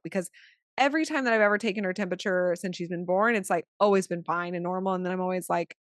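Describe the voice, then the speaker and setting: A woman co-hosting a podcast, a new mother telling a story in a casual, chatty way, full of "like" and swinging between hushed and excited. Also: lowish voice, quick pace, dry recording, studio quality. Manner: chatty, fills speech with "like"; animated, shifting from hushed to excited. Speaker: podcast co-host.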